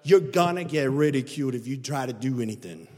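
A man preaching a sermon with emphatic delivery, swinging his pitch and volume up and down. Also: expressive, fairly quick. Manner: emphatic preaching that rises and drops in pitch and loudness. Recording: long hall reverb.

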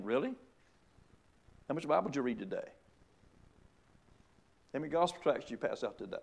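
A middle-aged man preaches a sermon from the pulpit. He drives his points with repeated rhetorical questions and emphatic restarts. His voice sits at an ordinary middle pitch. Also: animated, a little fast, vocal fry, long pauses. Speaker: pastor.

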